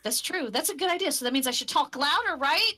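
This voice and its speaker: Female player, very bright voice, chatty and playful, faint music under. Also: sits high, lively intonation, quick pace. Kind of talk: casual tabletop game play.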